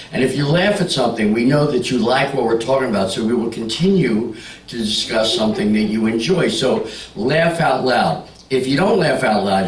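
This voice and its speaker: A male stand-up comic working a club crowd, brash and teasing, his pitch swinging up and down as he sells each joke. He sounds a bit off the mic, with an echoey room around him. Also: distant mic, slight background noise. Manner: brash, teasing, bawdy banter with the audience. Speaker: stand-up comedian. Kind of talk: stand-up comedy with crowd work. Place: comedy club stage.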